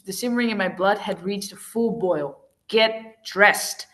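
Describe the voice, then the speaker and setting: A woman's voice: mid-range voice, brisk, darkish tone. A woman hosting a casual read-along, reading a romance novel aloud and often stumbling and correcting herself. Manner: stumbles and self-corrects, laughs at slips.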